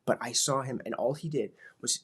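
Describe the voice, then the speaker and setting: A man in his thirties talks casually as a father, his voice slightly husky and pitched in the middle range. He rambles loosely, piling filler words into his sentences as he reflects. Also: a little fast. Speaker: vlogger, father.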